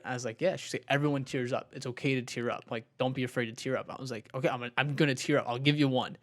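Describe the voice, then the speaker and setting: Racing along with barely a pause, a young man with a steady, mid-range voice co-hosts a podcast. In casual chat he tells a long, wandering story loaded with "like" and other fillers.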